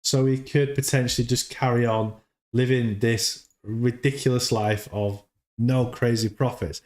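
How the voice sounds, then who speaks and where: A man's voice: medium pitch, steady tone, unhurried, darkish tone. A man hosting a casual livestream, rambling and repeating words as he chats. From United Kingdom. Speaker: livestream host.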